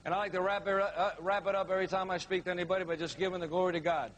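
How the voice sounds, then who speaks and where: Emphatic, high-voiced male motivational speaker. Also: steady tone, racing, a bit bright. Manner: emphatic, dramatic, preacher-like. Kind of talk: storytelling speech to a live audience.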